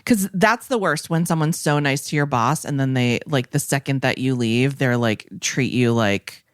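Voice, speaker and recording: A woman with a low voice chats casually as a podcast co-host. She tells stories with energy and acts out quotes. The sound is dry and close. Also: normal speed, no room sound. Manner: chatty storyteller, acts out quotes. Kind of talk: casual chat.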